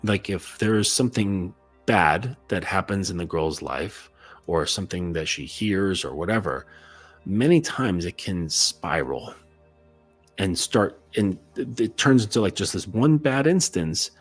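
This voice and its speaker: A man's voice: deep voice, animated, a little slow, slightly rough, faint music behind. A man acting as a coach, giving a casual instructional monologue in a loose, conversational way and checking in often with "okay?".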